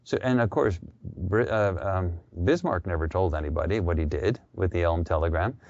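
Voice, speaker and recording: A man's voice: low voice, expressive, normal speed, gravelly, darkish tone, dry recording, muffled recording. A man talking as a radio interview guest, telling history in a loose, conversational storytelling way. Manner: conversational, storytelling with quoted voices.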